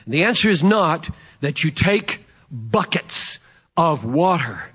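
A man in his fifties preaching a sermon, emphatic and playful, swinging from loud to hushed. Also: high voice, slightly rough, dull audio. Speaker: pastor.

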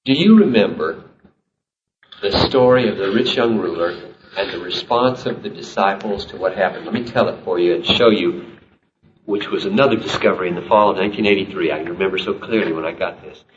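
A man's voice: low voice, a little fast, recorded from a distance, a crowd in the background. A man preaching a sermon as pastor, emphatic and climbing to impassioned peaks. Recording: roomy, dull live sermon recording.

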